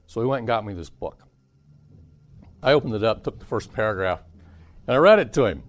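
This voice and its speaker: A man teaching a parenting seminar to a live audience, keeping it lively by asking the listeners questions. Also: lowish voice, fairly quick. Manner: animated, asks the audience questions.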